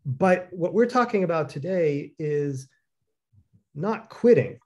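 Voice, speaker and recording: Animated, storytelling man with a high voice. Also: slow. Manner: animated storyteller, acts out quoted dialogue, many fillers. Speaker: co-founder co-hosting a talk. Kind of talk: casual conversational talk.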